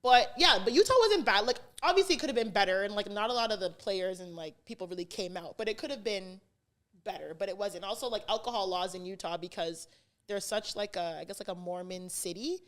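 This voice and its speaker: A woman co-hosting a podcast, telling a story in casual chat, animated and swearing, acting out what others said. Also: medium pitch, a little fast. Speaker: podcast co-host.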